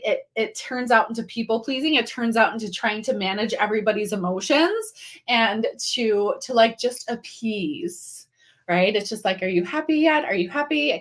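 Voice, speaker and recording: A middle-aged woman leading a live online training, talking casually with many fillers and restarts and greeting viewers by name. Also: medium pitch. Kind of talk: live-streamed teaching talk.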